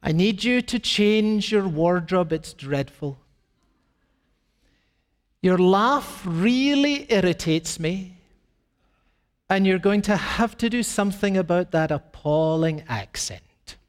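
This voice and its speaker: A man's voice: high-pitched, animated, takes it slowly. A man voicing a tactless, fussy young suitor who talks bluntly and finds fault. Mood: demanding. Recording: long reverb of a large hall.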